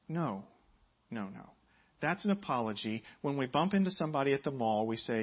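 A man preaching a sermon as pastor, building to loud, emphatic passages and dropping to quiet prayer. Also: very animated, a little fast, muffled recording. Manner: emphatic preaching, rising loud and high on key points.

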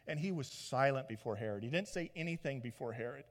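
A man preaching a sermon as a pastor, retelling the story in a lively way and acting out the people in it. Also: mid-range voice, fast talker. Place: church sanctuary. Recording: long church reverb.

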